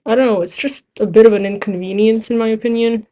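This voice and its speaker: A woman's voice: fairly high pitch, steady tone, fast, mellow. A teenage girl who is not a native English speaker, telling a rambling story with giggles and restarts while playing a game. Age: teens. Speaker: gaming vlogger. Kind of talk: casual storytelling over gameplay.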